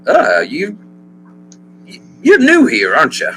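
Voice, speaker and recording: A man's voice: on the high side, wildly swooping pitch, slow, fairly bright tone, soft background music, pitched above the performer's own voice, exaggerated voice, rough recording. A man doing a stammering, flustered shopkeeper. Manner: stammering, repeating words.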